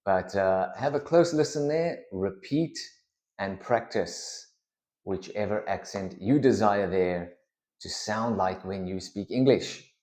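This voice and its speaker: Slow, mellow-voiced male pronunciation teacher. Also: on the low side, expressive. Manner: deliberate, patient, clearly enunciated. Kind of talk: slow instructional explanation. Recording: echoey room.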